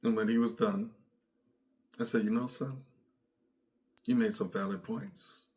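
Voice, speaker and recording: A man's voice: fairly low pitch, steady tone, measured pace, darkish tone. Earnest man telling a parenting story. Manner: earnest, repeats phrases, acts out quoted dialogue. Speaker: podcast host. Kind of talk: reflective personal talk.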